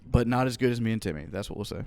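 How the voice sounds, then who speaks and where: A young man co-hosting a podcast, ranting in quick, mock-exasperated bursts during casual banter. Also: on the low side, animated, a little mellow, smooth, no room sound, clean studio sound. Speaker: podcast co-host.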